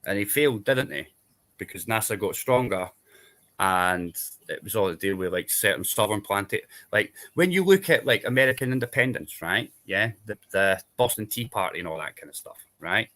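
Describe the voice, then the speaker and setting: A man's voice: fairly low pitch, lively intonation, moderate pace, bright, forceful tone. A Scottish man in casual chat, rambling through long explanations and checking in with tag questions. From Scotland. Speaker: panel guest.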